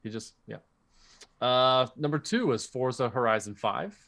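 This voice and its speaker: A man's voice: medium pitch, lively intonation, moderate pace, fairly bright tone. A man co-hosting a podcast in casual chat, reading out listeners' picks and telling stories with animation. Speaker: podcast co-host.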